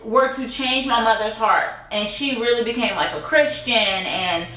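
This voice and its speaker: A woman talks straight to the camera in a personal vlog, emphatic and indignant, repeating phrases to drive her point home. Her voice is bright and sits a little high. The room around her is echoey. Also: moderate pace. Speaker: vlogger.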